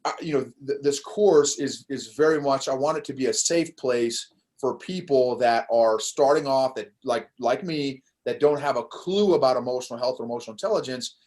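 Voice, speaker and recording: An older man talking as a podcast guest in a casual interview, animated and prone to quick restarts, laughing as he tells a story. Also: mid-range voice. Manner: animated, laughs while telling stories, frequent restarts. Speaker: podcast guest, course creator.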